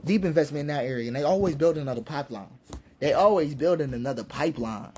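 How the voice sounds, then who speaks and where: A man's voice: on the high side, lively intonation, fast, dark tone, a little hiss or hum. A man giving an impassioned, preacherly monologue, repeating his points with emphasis. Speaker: commentator.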